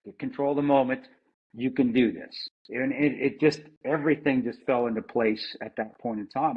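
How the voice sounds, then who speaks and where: With a husky, mid-range voice, a middle-aged American interview guest, formerly an Army Ranger and then a security contractor, candidly describes his combat memories. He speaks plainly, often starting sentences over and swearing occasionally, and the audio is dull and somewhat lo-fi, like a modest podcast setup.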